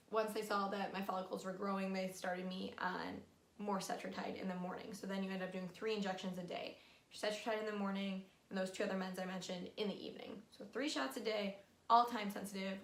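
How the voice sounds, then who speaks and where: Young woman, mid pitch, frank casual vlogger voice, roomy echo. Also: a bit bright. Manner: frank and chatty, many fillers. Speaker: vlogger sharing her fertility treatment. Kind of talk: casual explainer vlog. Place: room at home. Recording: echoey room, faint music.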